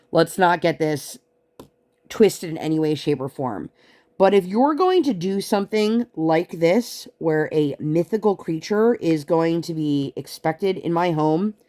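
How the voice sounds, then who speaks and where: A woman with a low voice talks through a casual craft-along chat. She tells her story in an exasperated, chatty way, with plenty of "like" fillers along the way. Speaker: vlogger and parent.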